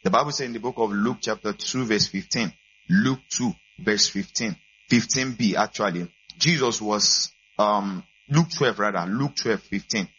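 Brief: male pastor, sermon delivery, bright and husky, dull lo-fi recording. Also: normal speed. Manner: builds from calm welcome to loud, high-pitched preaching.

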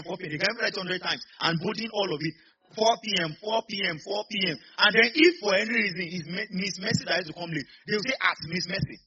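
A man preaching a sermon as a pastor, animated and calling out to his congregation. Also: sits high, breathy edge, lo-fi sound. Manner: animated, call-and-response preaching.

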